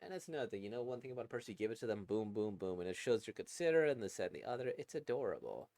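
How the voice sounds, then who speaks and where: A man's voice: fairly low pitch, sing-song, very fast, warm tone, no room sound. Chatty man reacting to manga. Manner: chatty, enthusiastic, many fillers. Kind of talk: casual commentary reading manga.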